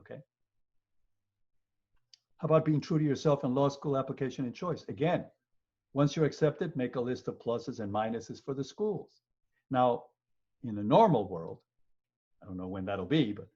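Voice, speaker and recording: A man in his fifties with a New York accent, a law professor giving a webinar lecture in an animated, joking way and acting out quoted voices. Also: medium pitch, normal speed, long pauses, husky. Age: 50s. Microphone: computer mic on video call. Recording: muffled lo-fi webinar audio.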